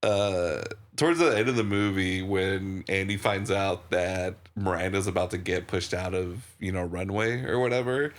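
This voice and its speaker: A man's voice: low voice, normal speed, few pauses. A man co-hosting a podcast, chatting casually and rambling about a film, swearing freely and laughing often. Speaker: podcast co-host. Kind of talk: casual movie review chat.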